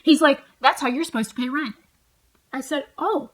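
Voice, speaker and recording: A woman's voice: high-pitched, normal speed, a bit bright, rough recording. A woman, venting at home in a casual vlog rant. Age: 40s. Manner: angry, profane, heated retelling. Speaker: vlogger. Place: home, at night, seated on a stool.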